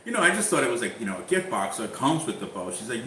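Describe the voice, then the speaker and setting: A man telling a story in casual chat, animated, acting out the back-and-forth. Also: mid-range voice, fast, a little hiss or hum. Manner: animated storyteller, acts out exchanges. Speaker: YouTuber guest. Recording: echoey room, faint ambience.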